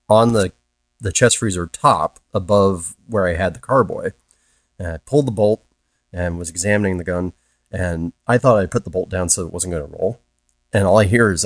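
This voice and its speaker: A man's voice: low voice, no room sound. Man wryly telling homebrew mishaps. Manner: dry, wry storytelling. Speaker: podcast co-host. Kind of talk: casual chat, reading listener stories.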